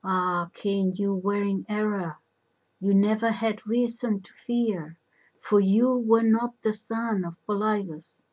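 A woman voicing a male messenger who speaks in a knowing, insistent way, with a husky voice, in a storybook reading. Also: medium pitch, steady tone, slow, darkish tone, highs cut off.

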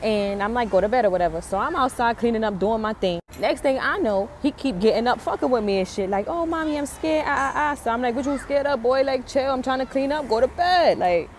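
Woman, casual storytelling, animated, profane, dramatic delivery. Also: a little high, fairly quick, few pauses, a little hiss or hum. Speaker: mother telling a story.

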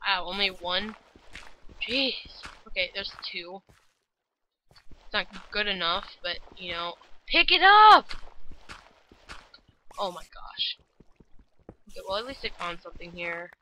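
A woman's voice: on the low side, steady tone, a little slow, pauses often, sharp tone, slight background noise, rough recording. A woman giving rambling, frustrated let's-play commentary, full of "like" and "holy cow". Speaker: gamer.

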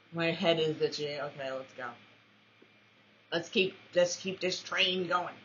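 A woman commentating her own shooter match, with playful trash talk, mock-formal quips and excitable yelps. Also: low voice, unhurried. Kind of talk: let's-play commentary. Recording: dull lo-fi recording.

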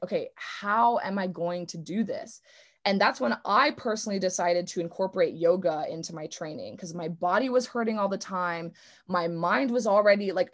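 A young adult woman, a swimmer speaking at an online convention, talking casually and earnestly with many fillers. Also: fairly low pitch.

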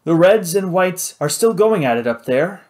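A man voicing a tough pilot hero in an audiobook, blunt and wry, his tone a touch higher than his narration. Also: animated, normal speed, a little mellow. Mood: urgent. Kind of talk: audiobook character voice.

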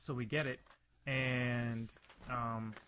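A young man chatting on a casual podcast with his friends. He rambles through a story, cursing freely and restarting his sentences. His voice sits at an ordinary middle pitch. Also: level tone, slow pace, fairly bright tone, clear, resonant tone. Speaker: podcast host. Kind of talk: casual chat.

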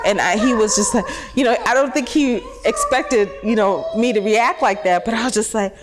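A woman's voice: medium pitch, normal speed, hardly any pauses, background noise. A woman, mother of a young patient, telling her story in a casual, chatty way with many fillers and quoted dialogue. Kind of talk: casual personal account.

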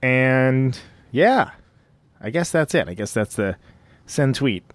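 A man's voice: medium pitch, animated, slow, no room sound. A man hosting a podcast, talking loosely through his intro with rambling, self-mocking asides from home. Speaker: podcast host. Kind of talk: casual podcast intro monologue.

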